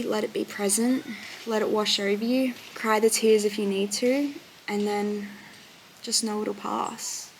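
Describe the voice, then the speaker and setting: A young woman vlogging about her recovery, talking candidly and earnestly, often trailing off into quiet. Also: medium pitch, slight background noise. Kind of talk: candid personal talk to camera. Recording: roomy echo.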